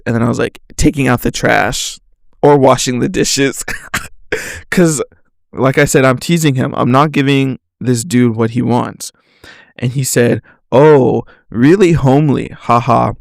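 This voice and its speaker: Gravelly young man telling a story. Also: medium pitch, no room sound, clean studio sound. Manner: animated, swearing, reads chat messages aloud. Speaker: podcast host. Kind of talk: casual storytelling monologue.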